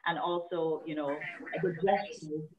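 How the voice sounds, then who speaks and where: A woman from the Caribbean hosts a conversation and gently guides it with short affirmations. Her voice sits somewhat low. The audio is thin and phone-like, as from a video call. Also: fairly even intonation, unhurried, crowd noise. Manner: brief affirmations, guiding the conversation. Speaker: host. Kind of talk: conversational interview.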